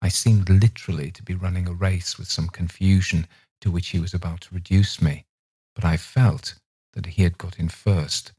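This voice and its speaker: A man narrating a literary audiobook in a measured, expressive reading. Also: low voice, husky, no echo.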